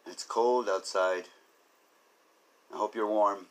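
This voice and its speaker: A man's voice: on the low side, steady tone, takes it slowly. Rambling goofy man hosting a comedy podcast. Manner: rambling, goofy, self-mocking jokes. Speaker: podcast host.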